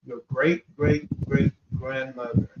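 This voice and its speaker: A man hosting a paranormal podcast, casually telling a guest an animated hypothetical story and often calling her by name. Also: mid-range voice, slow pace, gravelly. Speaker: podcast host. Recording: roomy, distant, muffled live stream with noise.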